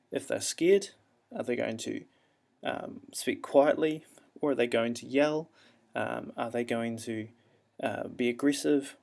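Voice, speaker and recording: A man with a New Zealand accent, an English teacher explaining how to perform an audio story in a relaxed, explanatory way. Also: medium pitch, creaky. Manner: relaxed, explanatory, frequent ums and uhs. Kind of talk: classroom instructional talk.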